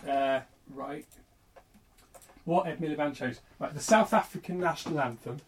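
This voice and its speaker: A young man in casual comedic chat, telling rambling animated stories as co-host. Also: a little high, moderate pace, slightly rough. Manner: rambling, animated storytelling with put-on voices. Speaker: podcast co-host.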